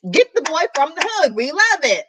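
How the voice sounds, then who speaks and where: A woman's voice: high voice, normal speed, slight background noise, low-quality recording. A woman hosting a reading vlog, recapping a book in casual, slangy chat. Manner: animated, chatty, slangy.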